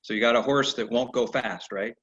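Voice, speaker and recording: A man teaching a horse training lesson over a video call, telling animated stories and acting out the horses' replies. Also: medium pitch, brisk, slightly rough. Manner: animated storyteller who acts out horses' replies. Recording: dull lo-fi video call audio.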